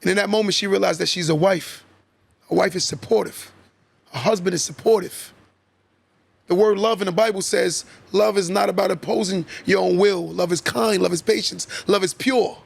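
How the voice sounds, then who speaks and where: A podcast host gives emphatic, preachy motivational talk, repeating himself and often checking in with "right?". His high voice is gravelly and steady at a normal speed.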